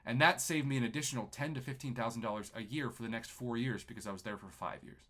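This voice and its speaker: Man, young adult, from New Mexico, personal storytelling, bright tense voice, animated, acts out quoted dialogue. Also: mid-range voice, fast. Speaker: YouTuber telling his life story.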